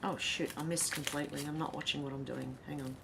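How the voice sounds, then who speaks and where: Chatty Australian woman with a low voice. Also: fairly even intonation, fast, gravelly, background noise. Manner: chatty, laughs easily, reads comments aloud. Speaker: livestream host reading chat. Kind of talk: casual chat.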